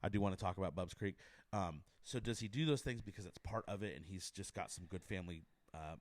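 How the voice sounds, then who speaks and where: Fast-talking deep-voiced podcast host. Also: male voice, no echo. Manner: chatty, eager, rambling questions. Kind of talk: casual interview talk.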